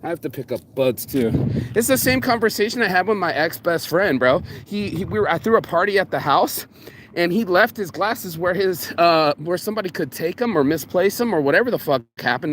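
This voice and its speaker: A man's voice: high voice, a little fast, slight background noise. Profane, rambling man vlogging outdoors. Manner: profane, animated storytelling with quoted voices. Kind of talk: casual rambling vlog rant.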